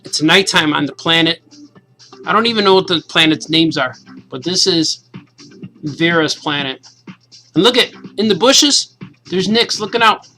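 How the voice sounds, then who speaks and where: A man in his forties, a cartoonist, casually and excitedly reading his comic aloud to kids. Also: on the high side, moderate pace, pauses often, soft background music, poor audio. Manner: enthusiastic, casual, says "man" a lot.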